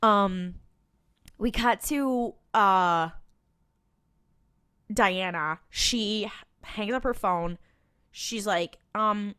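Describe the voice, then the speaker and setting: A woman's voice: mid-range voice, drawn-out words, pauses often, clear, resonant tone, no echo, studio quality. A woman co-hosting a casual podcast and retelling an episode scene by scene. She quotes the characters and laughs often. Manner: animated retelling, quoting characters, frequent laughs and ums. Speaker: podcast co-host. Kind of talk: casual recap chat.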